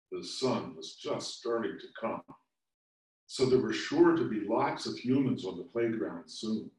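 A man reading a children's story aloud in a gentle, expressive way. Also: medium pitch, unhurried, recorded from a distance. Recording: echoey room, voice set back from mic.

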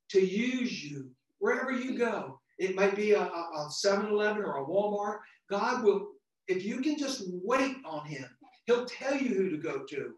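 A fervent male preacher with a rather high voice, rising into excited outbursts as he delivers a sermon. He is heard from a distance in a very echoey church, the sound washing around the room. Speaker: visiting lay preacher.

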